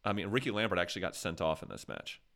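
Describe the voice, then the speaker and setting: A man's voice: low voice, big pitch swings, quick pace, vocal fry, a bit bright. An American man hosting a casual podcast chat, telling rambling, jokey stories. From USA. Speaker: podcast host.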